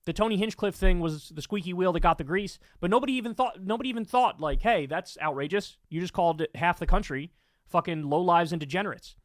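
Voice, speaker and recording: A man's voice: sits high, fast talker, no room sound, studio quality. A man hosting political commentary, ranting angrily with lots of swearing. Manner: angry, profane ranting.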